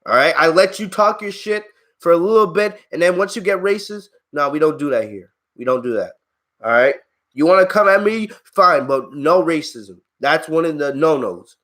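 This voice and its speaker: Man, stream host, bright tense voice, swearing, ranting back at viewers. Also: on the high side, animated, normal speed. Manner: heated, exasperated ranting; swears freely, laughs at his chat. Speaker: wrestling channel host. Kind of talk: live-stream review, talking back to chat.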